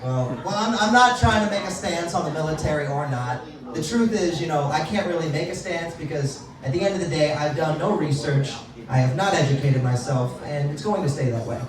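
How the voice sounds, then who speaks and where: A man's voice: fairly high pitch, brisk, very echoey, distant mic, a crowd in the background, rough recording. A man doing a stand-up comedy set in a club, self-deprecating and laughing at his own jokes.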